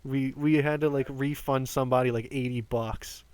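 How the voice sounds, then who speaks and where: A man in his twenties telling rambling work stories on a game stream, animated, swearing often and stumbling over restarts. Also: medium pitch, moderate pace, clean tone, dry recording. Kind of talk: casual storytelling while gaming.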